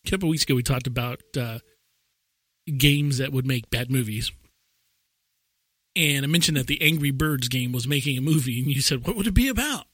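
A man's voice: medium pitch, steady tone, moderate pace, long pauses, a bit bright, no room sound, studio quality. A man co-hosting a podcast, rambling casually and laughing often as he tells stories. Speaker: podcast co-host.

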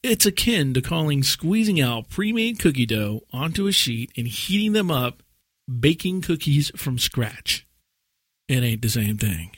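A man co-hosting a casual podcast, chatting and joking in a drawn-out storytelling way. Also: mid-range voice, very animated, husky, dry recording, clean studio sound. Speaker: podcast co-host. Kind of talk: casual chat.

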